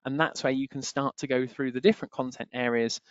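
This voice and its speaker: A man's voice: mid-range voice, steady tone, a little fast, clean tone, no room sound. A man teaching an exam-prep webinar in a chatty, repetitive way. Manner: chatty, repeats filler phrase "on there". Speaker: exam tutor. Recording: dry, slightly dull webinar audio.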